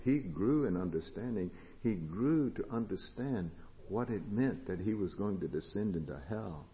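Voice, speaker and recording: A man preaching a sermon, asking the congregation questions and moving between loud proclamation and hushed, quiet passages. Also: sits low. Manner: rises to loud proclamation, drops to hushed tones. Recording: lo-fi recording with long hall reverb.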